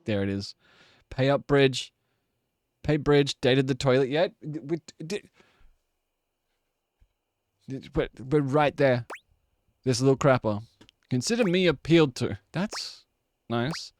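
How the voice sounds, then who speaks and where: A man's voice: medium pitch, lively intonation, takes it slowly, pauses often, a little mellow. A man streaming a video game, chatting casually and joking along with it. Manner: amused, laughs and jokes along. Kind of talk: casual gameplay commentary.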